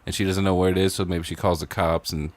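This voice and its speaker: A man with a notably deep, low voice chatting loosely on a podcast. He wanders through ideas with plenty of fillers, and the mic is close and dry. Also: little pitch movement, fast talker, no echo. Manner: rambling, full of "like" and "maybe". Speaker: podcast co-host. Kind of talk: casual brainstorming chat.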